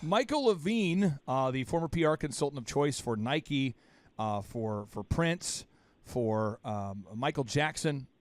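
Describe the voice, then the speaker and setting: A man hosting a business podcast, animated and teasing, often cutting in with questions. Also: mid-range voice, measured pace, no echo. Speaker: podcast host. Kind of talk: casual business podcast chat.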